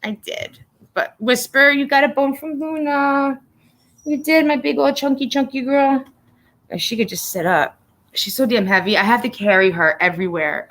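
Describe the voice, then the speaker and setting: A woman's voice: on the high side, a bit bright. A woman hosting a casual livestream from home, talking bluntly with a lot of swearing, laughing often and turning emotional and teary at times. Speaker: livestream host.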